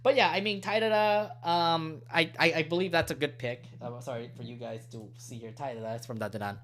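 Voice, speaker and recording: A man hosting a podcast in casual chat, animated and laughing often, stumbling over titles. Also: on the high side, brisk. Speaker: podcast host.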